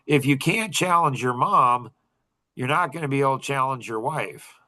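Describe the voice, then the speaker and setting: A middle-aged man talks loosely on a podcast, circling back on himself with fillers and restarts and laughing often. His voice has a bright, forward edge at an ordinary middle pitch. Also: normal speed. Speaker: podcast guest. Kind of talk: casual chat.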